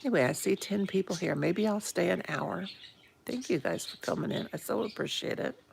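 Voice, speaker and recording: Fifties woman hosting a casual phone live stream; low, gravelly and a touch hoarse, friendly chatter. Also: fairly quick, a little hiss or hum. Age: 50s. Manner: chatty, greets viewers by name with pet names. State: a bit hoarse. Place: home, indoors.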